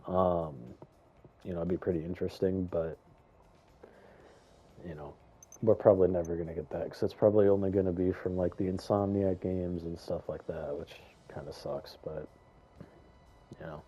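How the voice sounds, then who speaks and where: A young man giving casual, rambling commentary on a video game, chatty and excitable, with lots of fillers and some stuttering. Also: low voice, normal speed, long pauses, husky, dull audio. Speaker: gaming YouTuber.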